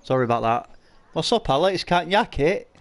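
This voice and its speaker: A man streams a farming game live, reading out his chat and mocking viewers with crude, jokey banter. His voice sits a touch higher than most men's, and he talks loosely, laughing between lines. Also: lively intonation, normal speed, a little hiss or hum.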